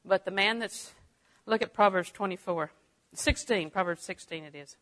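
An older woman teaching a Bible lesson in a folksy way, dropping to a hush and rising to exclaim. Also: medium pitch, normal speed. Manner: folksy, swings from hushed to exclaiming.

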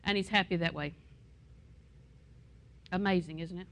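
A woman's voice: on the low side, steady tone, moderate pace, creaky, fairly bright tone. A middle-aged woman pastor preaching a sermon in a conversational way, with asides and anecdotes.

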